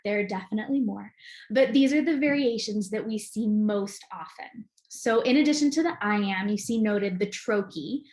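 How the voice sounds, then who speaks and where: A woman giving an enthusiastic, clear recorded lesson as an acting teacher. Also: fairly high pitch, reverberant.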